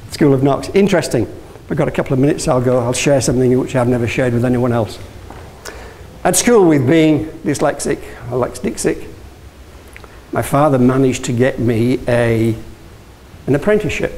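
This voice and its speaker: The motivational speaker, a Yorkshire man, engages his audience with questions and stories, stumbling into restarts and self-corrections along the way. His mid-range voice is a little mellow, heard through a low-quality recording with some hiss or hum.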